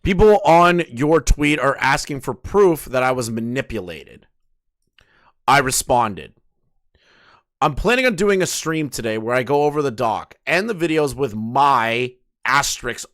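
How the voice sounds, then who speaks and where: Man, late twenties, commentary host, incredulous and mocking, bright edgy tone. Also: medium pitch, animated, unhurried. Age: late 20s. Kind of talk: casual commentary reading messages aloud.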